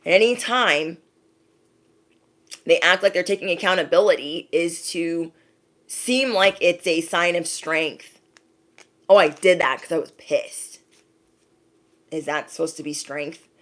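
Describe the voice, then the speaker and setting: A woman's voice: on the low side, a bit bright. A woman giving a casual spiritual pep talk, speaking emphatically, repeating her points, and often asking "okay?". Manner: emphatic, repeats phrases, direct address with frequent "okay?". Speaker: spiritual reader.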